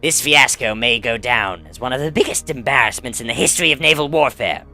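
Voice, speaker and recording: A man voicing a proud, gruff female orc admiral in a fantasy game, with a stern, theatrical delivery. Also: medium pitch, expressive, brisk, bright, forceful tone, faint music behind.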